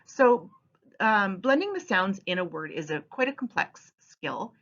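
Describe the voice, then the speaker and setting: A woman teacher giving an instructional voice-over with a clear, expressive delivery. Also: mid-range voice, unhurried. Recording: slightly muffled recording.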